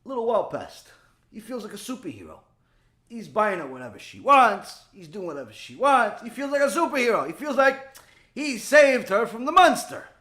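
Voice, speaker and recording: A man giving a Torah lecture as a rabbi, telling stories in an animated way and acting out the dialogue. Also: very high voice, moderate pace. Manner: animated storytelling, acts out dialogue.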